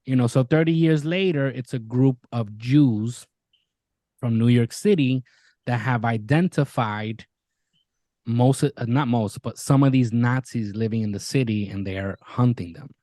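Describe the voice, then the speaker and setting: A podcast co-host with a medium-pitched, slightly slow voice chats casually, animatedly retelling a TV show, quoting characters in different voices and swearing freely. There's no room sound.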